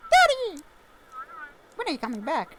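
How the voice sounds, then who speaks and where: A man voicing a sweet, eager little girl in a video game, squeaking the lines up high. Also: huge pitch swings, normal speed, a bit bright, slight background noise, heavily acted.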